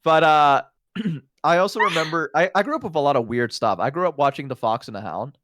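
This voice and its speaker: A man with a slightly high, brisk voice chats casually as a guest on a collab stream. He tells animated, rambling stories packed with fillers and lots of "like." The recording is dry, with clean studio sound.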